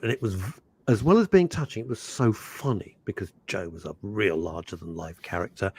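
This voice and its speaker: Animated older radio host. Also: male voice, fairly low pitch, vocal fry. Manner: animated, rambling, jumps between topics. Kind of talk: casual radio chat. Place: radio studio.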